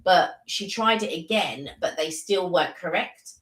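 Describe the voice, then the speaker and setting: A woman's voice: fairly low pitch, unhurried, fairly bright tone, roomy sound, poor audio. A woman co-hosting a live stream, chatting casually and telling stories. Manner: chatty storyteller, many fillers and restarts.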